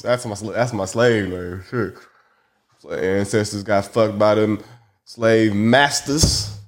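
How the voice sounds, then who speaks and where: A man hosting a podcast, telling a rambling, profane, joking story into a phone mic. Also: medium pitch. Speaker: podcast host. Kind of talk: casual storytelling monologue.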